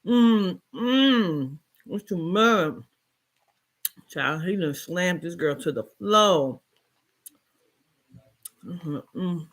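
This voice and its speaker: A woman reading a short story aloud, then telling a personal story in a chatty, expressive way with colloquial asides. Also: on the low side, drawn-out words, pauses often.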